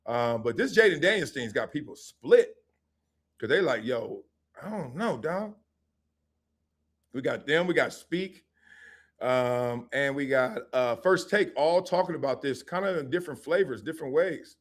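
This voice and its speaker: Animated middle-aged man spinning stories. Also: mid-range voice. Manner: animated storytelling with laughs and quick asides. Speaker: sports show host, former football player. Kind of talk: live-stream sports talk.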